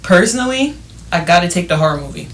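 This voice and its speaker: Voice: mid-range voice, quick pace. A young podcast co-host chatting casually and retelling stories with quoted lines. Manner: expressive, retells scenes in quotes. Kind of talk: casual chat.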